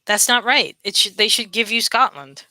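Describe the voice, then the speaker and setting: Woman, New York accent, casual live stream chat, bright tone, close dry sound. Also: mid-range voice, moderate pace, no echo. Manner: chatty, repeats herself, asks viewers questions. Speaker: livestream host.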